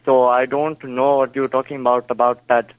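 A man with an Indian accent on a phone call who talks haltingly, stuffing his sentences with fillers and insisting on his point. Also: medium pitch, level tone, clear, resonant tone, dry recording. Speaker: prank call target. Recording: muffled phone line.

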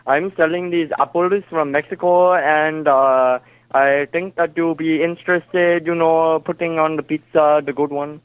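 A man with an Indian accent on a phone call who talks haltingly, stuffing his sentences with fillers and insisting on his point. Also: on the high side, steady tone, clean tone, dry recording. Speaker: prank call target. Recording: muffled phone line.

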